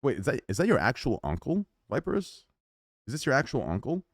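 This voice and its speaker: A man's voice: medium pitch, wildly swooping pitch, a little fast, dry recording, clean studio sound. A man live streaming and ranting casually to his chat, rambling and swearing a lot as he jumps between topics and mocks himself.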